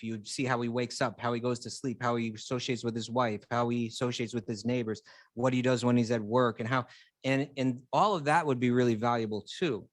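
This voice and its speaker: A man's voice: mid-range voice, no room sound. A man co-hosting a casual spiritual chat, earnestly explaining his ideas and building his points step by step. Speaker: co-host.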